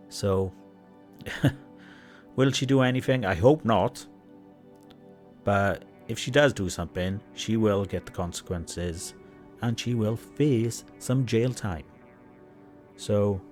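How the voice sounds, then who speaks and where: A man's voice: fairly low pitch, darkish tone. A man commentating on online drama, mocking and lecturing the person in the clips. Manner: mocking, lecturing, talks straight to the subject. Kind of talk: sarcastic commentary on a livestream.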